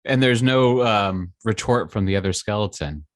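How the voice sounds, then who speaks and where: A man's voice: on the low side, lively intonation, dry recording. Easygoing male game master. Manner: easygoing, quick, chuckling. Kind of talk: narrating a tabletop game.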